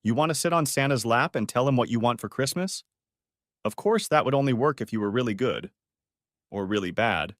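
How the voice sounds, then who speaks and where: A man putting on a loud, hearty Santa voice, jovial and playful. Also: medium pitch, lively intonation, a little fast, no echo, studio quality, lightly acted. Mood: jolly. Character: jolly booming Santa, playful grown man.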